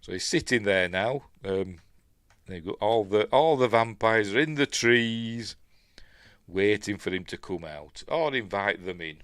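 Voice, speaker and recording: A middle-aged man with a Yorkshire accent reviews a film scene by scene, his lowish, slightly bright voice expressive and measured. The sound is clear and resonant with no room sound, and he rambles casually, chuckling and saying um a lot.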